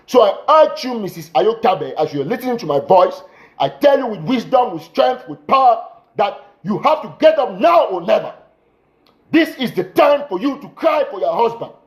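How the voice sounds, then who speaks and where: A man urgently addressing his audience in an impassioned livestream appeal, repeating himself and breaking into shouts, speaking into a phone. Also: high-pitched. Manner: urgent, repetitive exhortations, bursts of shouting. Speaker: political commentator.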